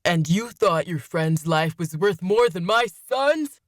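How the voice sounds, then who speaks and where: Woman doing a deep cold demon man. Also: fairly even intonation, darkish tone, dry recording, studio quality. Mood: menacing. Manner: cold, slow and menacing. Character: cold vengeful male demon father.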